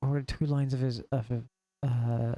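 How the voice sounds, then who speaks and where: A man's voice: mid-range voice, flat delivery, unhurried, dark tone, no room sound. A man streaming live, talking through a game with wry, dry asides to his chat. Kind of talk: live gameplay commentary.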